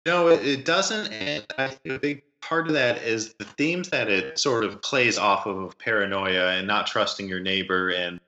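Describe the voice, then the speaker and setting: A man's voice: fairly low pitch, normal speed, hardly any pauses, sharp tone, roomy sound, dull audio. A man co-hosting a movie podcast, offering thoughtful analysis of the film's themes. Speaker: podcast co-host. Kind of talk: casual movie review chat.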